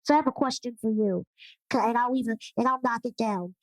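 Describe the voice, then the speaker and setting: A woman's voice: a little high, fast talker, dry recording, rough recording. A woman guest on a podcast, chatting casually and often murmuring in agreement. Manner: warm, affirming, with frequent agreeing murmurs. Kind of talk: casual conversation.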